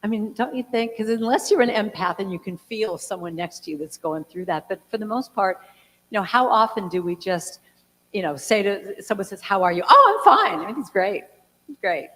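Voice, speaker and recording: A woman's voice: mid-range voice, moderate pace. A woman in her sixties talking casually to a church congregation, with a chatty storytelling manner full of fillers and acted-out quotes. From California. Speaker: guest speaker and singer. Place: large church hall. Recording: reverberant hall.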